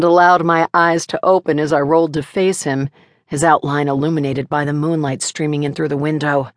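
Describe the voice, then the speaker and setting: A woman narrating a first-person romance novel in an even, measured storytelling manner. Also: low voice, no room sound, studio quality. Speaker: audiobook narrator.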